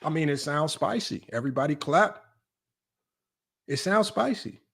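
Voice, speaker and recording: A man hosting a sports debate livestream, talking brashly and teasing his chat in quick casual commentary. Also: fairly high pitch, animated, gravelly, a bit bright, breathy edge. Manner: brash, rapid, teasing, talks straight to chat. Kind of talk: casual live-stream commentary.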